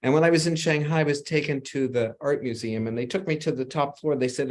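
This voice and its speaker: A man's voice: mid-range voice, fast, few pauses, slight background noise. Brief: male panelist, mid-range voice, easygoing anecdote teller, over a video call. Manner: relaxed storyteller, acts out quoted dialogue. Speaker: designer on a panel. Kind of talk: anecdotal storytelling in a panel talk.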